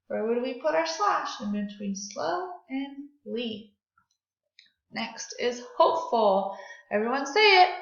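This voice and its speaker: A woman teaches second graders grammar and phonics, speaking slowly and clearly, in a fairly high voice. She leads the children through drills, asking them to repeat words and clap them out. The lesson is recorded in an echoey room, with a dull, lo-fi sound. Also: fairly bright tone. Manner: slow, clear, encouraging teacher talk with call-and-response drills.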